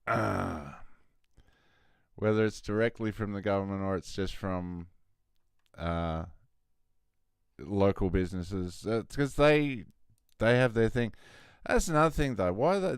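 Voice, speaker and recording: A man's voice: on the low side, clean tone, no room sound, clean studio sound. A man hosting a podcast, casually commenting on video clips, laid-back and chuckling. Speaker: podcast host.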